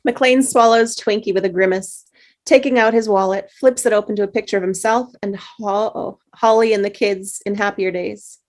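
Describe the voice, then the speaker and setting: A woman's voice: medium pitch, fairly even intonation, normal speed, a little mellow. Woman reading stage directions. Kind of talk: table read narration.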